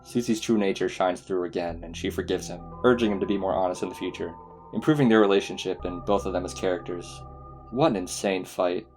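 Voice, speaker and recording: A man's voice: sits low, brisk, a little mellow, faint music behind. A man narrating a casual game review voice-over, enthusiastic and swearing freely. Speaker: video essay host.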